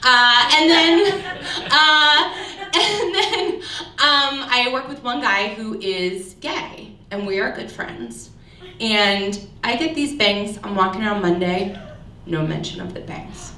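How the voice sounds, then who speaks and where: A woman's voice: fairly high pitch, slow pace, pushed and bright, roomy sound, far from the mic. A woman in her thirties from the Southern US doing a self-deprecating stand-up set, laughing at her own lines, in a small club with an audience laughing along. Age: 30s. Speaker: stand-up comedian. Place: small comedy club before a live audience.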